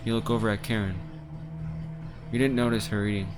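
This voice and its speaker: A man's voice: on the low side, level tone, a little fast, noisy background. A man casually playing a story game, reading its text aloud and commenting with swearing and stammered restarts.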